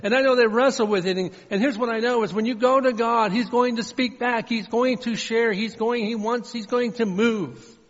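A man's voice: very high voice, fairly even intonation, normal speed, few pauses. A man preaching a sermon as pastor, fervent and repetitive, often voicing prayers aloud. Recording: dull, reverberant hall sound.

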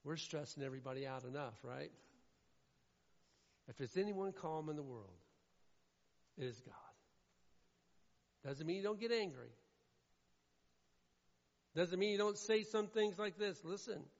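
A man from Indiana preaching a sermon, emphatic and repetitive, swinging between loud declarations and hushed lines. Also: a little high, a little slow, pauses often. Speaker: pastor. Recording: echoey hall, dull lo-fi sound.

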